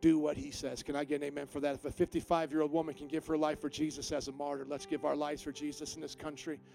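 Pastor, male, high-pitched voice, emphatic sermon delivery with big dynamic swings, faint music underneath. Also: level tone, fast talker, gravelly. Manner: emphatic preaching, swings from quiet to loud.

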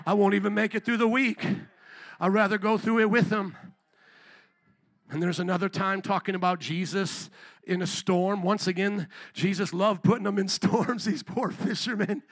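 A male pastor preaching a lively sermon in church, acting out quick voices and rising to shouts. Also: sits high, creaky. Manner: animated preaching, acts out voices.

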